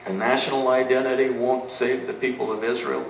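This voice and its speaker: A man's voice: medium pitch, steady tone, a little fast. A man preaching a sermon as a pastor, emphatic and fond of asking questions and answering them himself. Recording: echoey room, mic at a distance, faint background noise.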